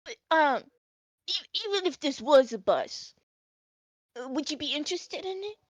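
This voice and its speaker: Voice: high-pitched, animated, dry recording. A woman voicing a desperate male merchant who begs and pushes a deal. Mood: pushy. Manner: pleading, fast salesman patter.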